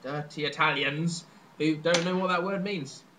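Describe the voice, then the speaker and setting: A young man from southern England co-hosting a casual chat show, excitable and jokey with sudden loud laughing shouts. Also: on the high side, normal speed, noisy background. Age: young adult. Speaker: podcast co-host.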